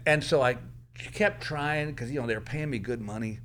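A man speaking in a studio as a comedian guest, spinning long anecdotes at a mid-range pitch. He slips into the voices of the people in his tales as he tells them. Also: moderate pace, slight background noise. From Texas. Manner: animated storyteller who acts out the people in his stories. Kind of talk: anecdotal storytelling.

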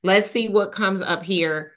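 A woman hosting a podcast, thinking aloud and talking excitedly to listeners as a business coach. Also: medium pitch, measured pace. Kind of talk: live-thinking podcast monologue.

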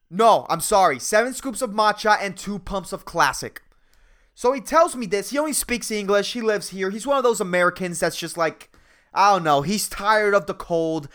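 A man's voice: high-pitched, a bit bright. A man hosting a podcast, telling customer stories in an exasperated, sarcastic and profane rant. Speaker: podcast host. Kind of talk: ranting storytelling.

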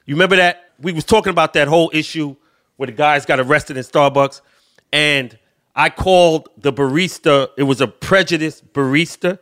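Podcast co-host guy, bright sharp voice, kinda high, laid back slang. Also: normal speed, dry recording, studio quality. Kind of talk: casual chat.

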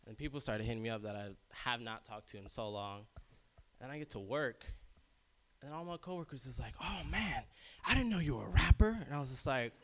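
A man's voice: brisk, slight background noise. A young man casually telling a personal story, acting out other people's lines in raised voices and laughing often. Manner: animated, acts out quotes in high voices, laughs often.

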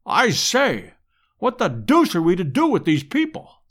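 A man voicing a bluff, slangy aristocratic English hunter who speaks briskly and heartily. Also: high-pitched, wildly swooping pitch, fairly bright tone, heavily acted. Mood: hearty.

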